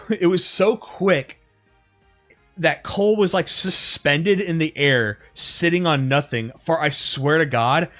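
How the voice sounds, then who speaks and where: A man's voice: a little high, slow, faint music behind. A man streaming gameplay, telling stories in a rambling, profane way full of fillers. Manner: rambling, profane, animated retelling with frequent fillers. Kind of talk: casual storytelling over gameplay.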